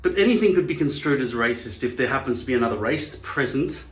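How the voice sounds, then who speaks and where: A man's voice: mid-range voice, lively intonation, fast, reverberant. A man hosting a vlog, musing and digressing wryly as he works. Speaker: channel host. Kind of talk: rambling vlog monologue.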